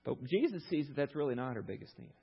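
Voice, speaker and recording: Brief: male pastor, husky voice, storytelling sermon, slightly dull recording. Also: mid-range voice, fast. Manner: storytelling, animated retelling with rhetorical questions.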